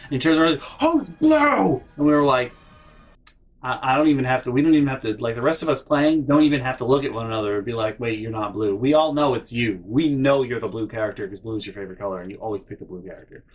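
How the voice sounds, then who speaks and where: A man's voice: mid-range voice, rapid-fire, narrow, tinny audio, faint music behind. A young man telling a funny story from his life in a casual, rambling way, with frequent swearing and mock-indignant asides. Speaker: storytelling vlogger.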